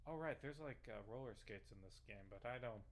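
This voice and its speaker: A man's voice: medium pitch, fairly quick. A man ranting casually and sarcastically, swearing often, while talking over a video game he plays. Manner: profane, sarcastic, rambling. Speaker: vlogger and local reporter.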